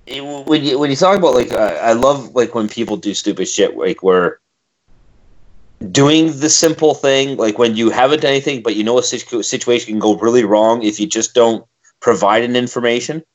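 Male podcast co-host, profane and exasperated storyteller, mid pitch, dull tone. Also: moderate pace. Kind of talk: casual podcast chat.

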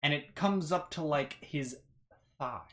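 Low-voiced woman running a tabletop game. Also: measured pace, a bit bright. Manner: rambling, lots of ums and likes. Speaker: game master.

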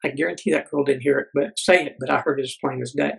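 A middle-aged man, a podcast guest, telling a personal story earnestly, halting with many fillers. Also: mid-range voice, steady tone, gravelly, husky, poor audio.

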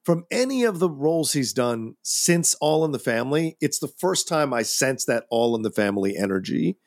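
A man's voice: mid-range voice, big pitch swings, moderate pace, no room sound, clean studio sound. A man co-hosting a film podcast, chatting casually in an easygoing, enthusiastic way. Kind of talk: casual chat.

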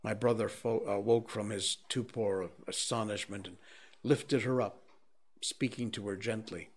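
A man reading a novel aloud as an audiobook narrator, in a slow, measured and grave way. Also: on the low side. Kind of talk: scripted narration.

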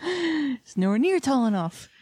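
A woman co-hosting a podcast, playful and quick to laugh, adding dry asides to the recap. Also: sits high, big pitch swings, dark tone, no echo. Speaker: podcast co-host. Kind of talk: casual episode recap chat.

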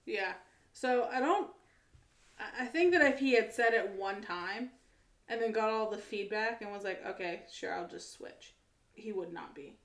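Emphatic higher-voiced woman co-host. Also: echoey room. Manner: emphatic, drawn-out opinionated rants. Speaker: podcast co-host. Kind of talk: casual chat.

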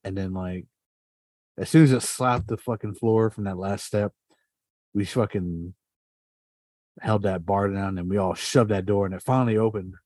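A man's voice: fairly low pitch, moderate pace, long pauses, dry recording. A man hosting a podcast, telling a story casually with lots of fillers and swearing. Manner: animated, swears often, heavy fillers. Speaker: podcast host.

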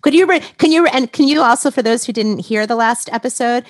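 A woman's voice: on the high side, fast, no echo. Engaged woman podcast host. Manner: engaged, prompting, clarifying for listeners. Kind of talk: conversational interview.

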